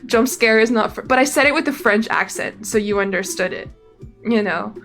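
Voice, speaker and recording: A woman's voice: fairly high pitch, normal speed, a bit bright. A young woman streaming, chatting casually and rambling with lots of fillers and restarts. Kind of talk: casual live-stream chat. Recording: faint music behind.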